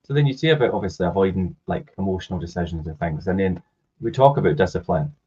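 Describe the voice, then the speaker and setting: A man co-hosting a podcast in casual chat, agreeable and quick to back up his partner. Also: sits low, animated, mellow, slightly rough. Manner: agreeable, backs up the other host. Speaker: podcast co-host. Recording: dull lo-fi podcast audio.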